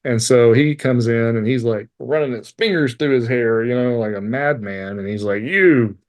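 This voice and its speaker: On a podcast, a male guest with a medium-pitched, darkish voice at normal speed opens up about a painful chapter of his life. He's frank and emotional, swearing freely and laughing wryly as he revisits the hard memories.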